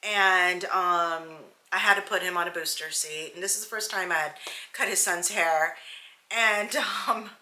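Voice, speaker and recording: A woman's voice: on the low side, unhurried, sharp tone. A hairstylist woman casually telling candid, digressive stories about her salon clients. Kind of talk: casual storytelling vlog. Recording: roomy echo.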